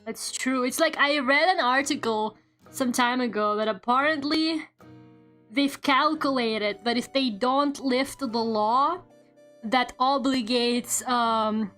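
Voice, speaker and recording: A woman's voice: a little high, a bit bright. A woman streamer chatting casually while she draws, rambling, swearing often and laughing a lot, at a home desk microphone.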